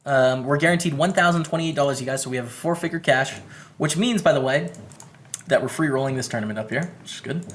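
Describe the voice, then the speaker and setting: A man's voice: on the high side, brisk, slight background noise. A man with a Canadian English accent gives upbeat, chatty commentary on his poker hands while streaming live and greeting viewers by name.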